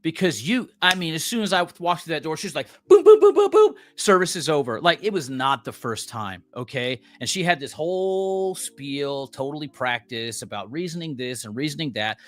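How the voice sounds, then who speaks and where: A man's voice: a little high, lively intonation, normal speed, hardly any pauses, pushed and bright, no echo. A middle-aged man, a podcast co-host, telling a story as a heated, profane rant and acting out quotes.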